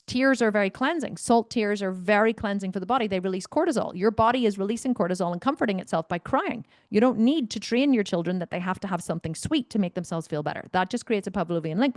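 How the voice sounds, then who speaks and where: A woman coach with a medium-pitched voice answers members' questions bluntly and animatedly, swearing occasionally and drifting into tangents. The recording is dry and studio quality.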